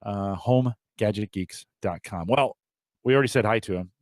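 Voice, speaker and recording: A man's voice: fairly low pitch, normal speed, a little mellow, no room sound. A man hosting a podcast in casual, rambling chat with frequent restarts. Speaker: podcast host.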